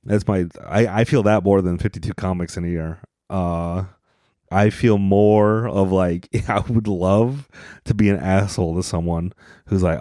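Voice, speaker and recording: Male podcast host from Utah, low voice, mellow tone, rambling self-deprecating comedy monologue, dry close sound. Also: fairly even intonation, a little slow, no echo.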